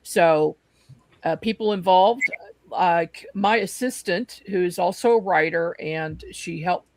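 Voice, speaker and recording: Low, gravelly female host; loose delivery, dry recording. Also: slow, a little mellow, dry recording, poor audio. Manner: loose, with many fillers and restarts. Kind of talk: panel discussion hosting.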